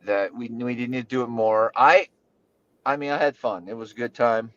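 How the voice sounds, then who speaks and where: A man chatting casually on a fishing livestream, easygoing and prone to halting restarts. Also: medium pitch, fairly bright tone. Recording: dull lo-fi dry sound.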